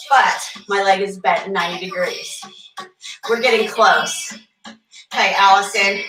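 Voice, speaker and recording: A woman's voice: mid-range voice, bright, forceful tone. A female fitness instructor leading a barre workout class, cueing moves, counting reps and chatting with class members by name. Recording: echoey room, voice from far off, faint music.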